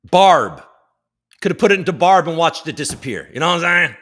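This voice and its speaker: Brief: joking male livestream host, a bit high-pitched, bright tone, greets everyone by name. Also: expressive, fairly quick. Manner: swears freely. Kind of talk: casual livestream chat.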